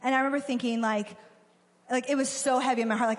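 A woman's voice: high voice, steady tone, fast talker. A young woman giving a casual, conversational sermon, acting out quotes as she goes. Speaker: preacher. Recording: long hall reverb.

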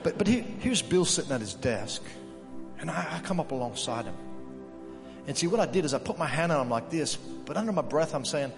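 A man's voice: medium pitch, quick pace, vocal fry. Storytelling male pastor in echoey hall. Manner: storytelling, animated quoted voices. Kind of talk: sermon. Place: church sanctuary. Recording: echoey hall with music behind.

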